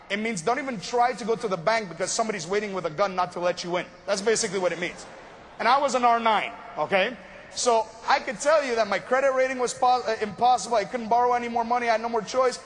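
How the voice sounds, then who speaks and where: High-voiced man telling a story. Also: slight background noise. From Montreal, Canada. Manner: casual joking storyteller. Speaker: speaker telling his business story. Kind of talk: motivational storytelling talk.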